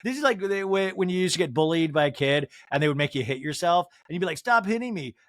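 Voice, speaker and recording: A man's voice: on the high side, quick pace, no room sound, clean studio sound. A man hosting a podcast, recapping reality TV in a gossipy, comic way and breaking into impressions. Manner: animated and gossipy, with sudden impressions. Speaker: podcast host.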